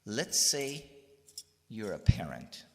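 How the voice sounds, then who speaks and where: A man's voice: lowish voice, slow pace. An older man from California, telling stories and teaching in a satsang, in a reverberant hall. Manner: animated storyteller. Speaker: spiritual teacher. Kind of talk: satsang storytelling.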